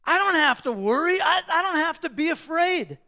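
High, bright-voiced preaching man. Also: lively intonation. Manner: swings from quiet asides to loud, slow emphatic declarations. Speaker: pastor. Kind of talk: sermon.

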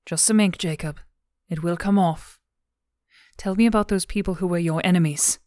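A patient woman officer coaxes answers out of a frightened prisoner with soft, careful questions, as the narrator plays her. Her voice is low and smooth. It sounds close and dry, like a storybook reading. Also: moderate pace, no room sound, natural voice. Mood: coaxing. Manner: gentle, coaxing questions.

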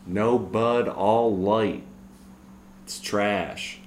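A man's voice: fairly low pitch, steady tone, very slow, slight background noise. A man co-hosting a casual podcast, quipping short one-liners. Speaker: podcast co-host. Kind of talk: casual chat.

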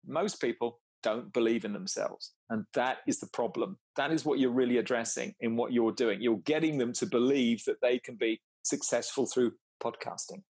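A man's voice: mid-range voice, moderate pace, hardly any pauses, a little mellow, husky, no echo. A man chatting as a podcast guest, telling stories, laughing often and acting out both sides of conversations. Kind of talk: casual storytelling chat.

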